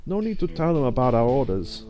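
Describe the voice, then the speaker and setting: A man's voice: medium pitch, expressive, brisk, mellow, soft background music, pitched above the performer's own voice, close to an everyday voice. A man voicing a stern, commanding male agent leader in a video game, giving clipped orders in a clumsy put-on accent.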